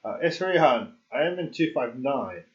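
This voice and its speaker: A man's voice: medium pitch, animated, moderate pace. A male game streamer chats casually and rambles, often joking at his own expense. His voice sits in a middle range, and the sound is dull and lo-fi. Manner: rambling, joking, laughs at himself. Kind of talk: casual livestream chat.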